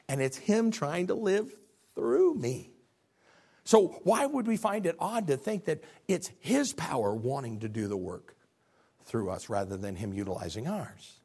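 An older man preaching a sermon, rising to loud high peaks and dropping low and quiet, often restarting phrases and asking his listeners questions. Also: animated, measured pace, slightly rough. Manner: stumbling restarts, asks the congregation questions. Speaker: pastor.

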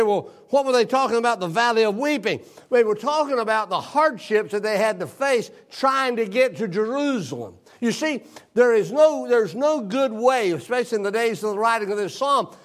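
An older male pastor, possibly, preaching a sermon. He tells a personal story and reads scripture aloud, dropping low and soft for emphasis.

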